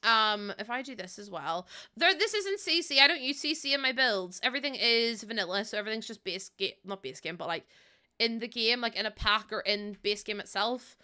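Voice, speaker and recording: A young woman chats away on her livestream, giggly and rambling, full of little fillers. Her voice sits a touch high and comes across bright and forward. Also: animated, a little fast, smooth. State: heavily pregnant. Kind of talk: casual chat while building in a game.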